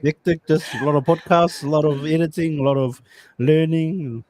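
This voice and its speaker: Male podcast host, a touch high, easygoing and rambling. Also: fairly even intonation, moderate pace, a little mellow. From Australia. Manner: rambling, with many fillers and restarts. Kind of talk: casual podcast chat.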